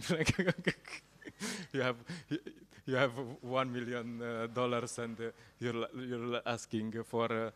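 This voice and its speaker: A man giving a sermon at a temple program, telling stories in a halting way and laughing at his own jokes. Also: medium pitch, fairly even intonation, fairly bright tone.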